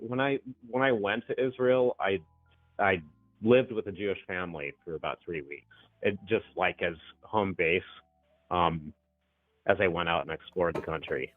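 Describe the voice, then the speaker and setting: A middle-aged man calling in to a talk show, telling a story in a chatty, animated way and laughing easily. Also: deep voice, normal speed, no echo, soft background music. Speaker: caller. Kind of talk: casual phone call-in chat. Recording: tinny phone line.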